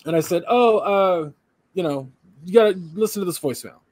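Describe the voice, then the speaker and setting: A young man with a slightly high voice tells a story on a casual chat podcast. He sounds worn out but still animated, and he acts out the people he quotes. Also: quick pace, husky, no room sound. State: tired. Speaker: podcast co-host.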